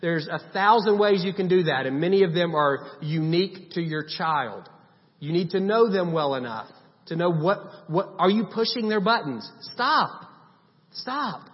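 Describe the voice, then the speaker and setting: A man's voice: a little high, animated, normal speed. A man preaching a sermon in a conversational way, stressing points by repeating short commands. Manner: conversational preaching with emphatic repetition. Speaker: pastor. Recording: long hall reverb, dull sound.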